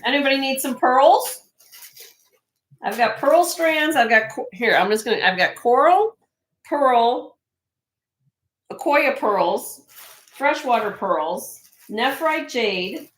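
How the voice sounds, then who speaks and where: A woman hosting a live online jewelry sale, chatting excitedly and loudly as she shows each piece. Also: a little high. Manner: excitable, loud, chatty sales patter.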